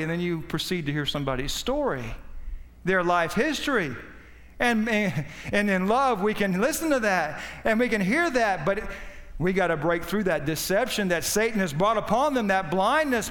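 A man preaching a sermon with passion, his voice swinging between loud high peaks and low quiet stretches. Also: big pitch swings, moderate pace, big-room sound. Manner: impassioned, rising and falling in pitch and volume.

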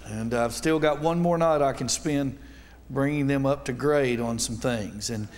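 A man's voice: mid-range voice, a little slow, darkish tone, long reverb tail. A middle-aged man with a North Alabama accent preaching a sermon as a visiting Baptist preacher, with folksy, joking asides. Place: church sanctuary.

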